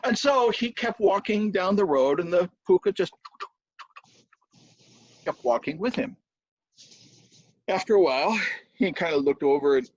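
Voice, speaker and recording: A husky-voiced male storyteller telling a folk tale, his pitch swinging widely as he voices the footsteps and hoofbeats. The recording is dry and a little dull. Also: a little slow, long pauses, dry recording. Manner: animated, with spoken sound effects.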